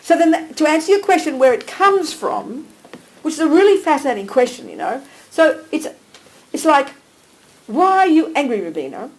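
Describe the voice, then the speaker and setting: A woman teaching a small group live, animated and direct, checking in with listeners by name and calling them darling. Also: high-pitched, normal speed, low-quality recording. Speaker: Buddhist teacher.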